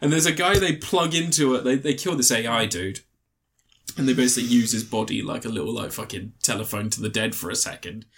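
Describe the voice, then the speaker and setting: A man co-hosting a podcast reviews a film in a rambling, casual chat, swearing freely and mocking the characters through impressions. His voice is mid-range, creaky, and fairly bright, and his pace is a little fast.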